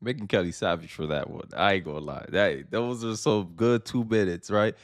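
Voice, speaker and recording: A young man in his twenties hosting casual political commentary, talking in an animated, sarcastic and colloquial way. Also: deep voice, normal speed, background noise. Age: young adult, 18 to 29.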